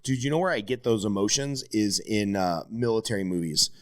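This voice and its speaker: A middle-aged man hosting a podcast, chatting casually and swearing, telling stories with his voice jumping up high when he gets emotional. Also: lively intonation, fairly quick. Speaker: podcast host. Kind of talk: casual conversation.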